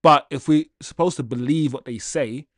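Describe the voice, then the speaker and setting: Male livestream host, casual and animated, addresses chat directly, dry sound. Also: medium pitch, normal speed, no echo. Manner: animated and chatty, laughs often, addresses chat as guys. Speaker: football channel livestream host. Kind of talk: casual livestream chat reading viewer comments.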